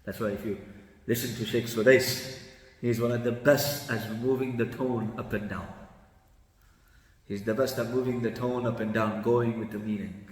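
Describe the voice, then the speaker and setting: A man, a mufti, giving a lively religious lesson, shifting his tone with the meaning and chanting Arabic passages quickly. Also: on the low side. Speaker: mufti teaching Quran commentary. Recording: echoey hall from a distant mic.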